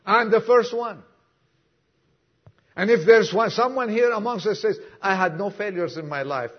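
A man preaching a sermon to a congregation, emphatic, acting out dialogue and dropping suddenly to a hush. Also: high-pitched, normal speed, pauses often, muffled recording. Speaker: pastor. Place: church congregation.

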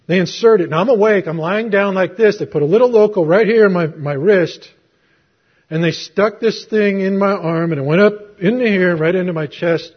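A middle-aged man delivers a sermon in a slightly high, husky voice. He tells his story conversationally and throws rhetorical questions at the congregation. The recording is muffled and lo-fi. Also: expressive, fairly quick. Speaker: preacher. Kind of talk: sermon with personal testimony.

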